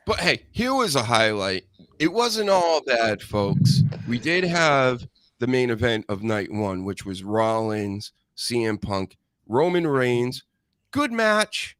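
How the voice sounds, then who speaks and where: A man hosting a casual wrestling podcast, animated and sarcastic, mocking people in high put-on voices. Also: slow pace, no room sound. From Boston area. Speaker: podcast host.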